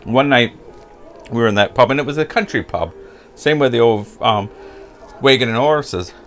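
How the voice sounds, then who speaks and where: A man's voice: mid-range voice, animated, moderate pace, a bit bright, a little hiss or hum. An older American man chatting casually and telling pub stories, rambling, chuckling and losing track of names. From United States. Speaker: vlogger. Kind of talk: casual storytelling chat.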